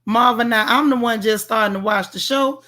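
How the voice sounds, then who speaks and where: A woman's voice: fairly high pitch, normal speed, bright, forceful tone. A woman hosting a casual livestream, reviewing a TV show in a sassy, playful way and talking straight to her viewers. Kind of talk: casual livestream chat, reading viewer comments.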